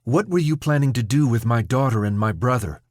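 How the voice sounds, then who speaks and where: A man's voice: mid-range voice, animated, fairly quick, darkish tone, no echo, clean studio sound, natural voice. A man voicing an anxious, protective young mother in an audiobook. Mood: demanding.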